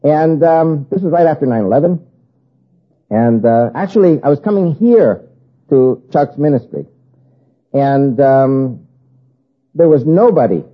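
An older man from the United States giving an emphatic preaching talk to an audience, with a husky voice and hammering, repeated lists. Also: fairly high pitch, animated, unhurried, pauses often. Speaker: guest speaker. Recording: tinny phone-like recording.

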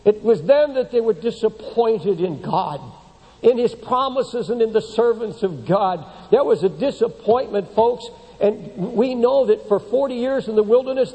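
Impassioned preacher man in an echoing hall. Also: dark tone. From United States. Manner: impassioned, rising to high emphatic peaks then dropping low and slow; repeats words when building up. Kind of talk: sermon. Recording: long hall reverb.

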